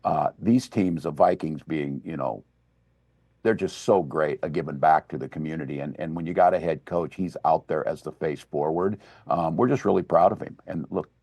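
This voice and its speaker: A man in his sixties, a governor chatting as a guest, who tells stories and gets excited and laughs easily. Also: very deep voice, normal speed, dry recording. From Minnesota. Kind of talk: casual chat.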